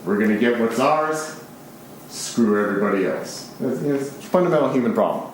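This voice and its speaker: Guy giving a live talk, gets excited, swears casually, big booming hall echo, faint hum behind. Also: moderate pace. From United States. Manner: excitable, animated, casually profane. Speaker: speaker giving a public talk. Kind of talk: live public lecture. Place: large concert hall with an audience. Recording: very echoey live hall recording.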